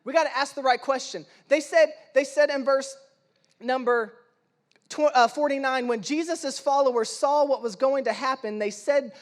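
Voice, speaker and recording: High-voiced young male pastor preaching. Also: normal speed. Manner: animated, acts out quoted voices, self-deprecating humor. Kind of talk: sermon with storytelling. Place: church.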